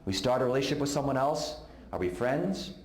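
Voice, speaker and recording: A man's voice: mid-range voice, animated, fairly quick. Storytelling man in a roomy hall. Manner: storytelling, acts out quoted voices. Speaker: speaker at a conference. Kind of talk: talk to a live audience. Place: conference hall.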